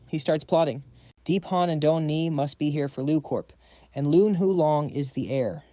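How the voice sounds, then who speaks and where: A man narrating a scripted comic recap in brisk, slangy phrases. His voice sits a little high but mellow. The recording is dry and close. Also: no echo.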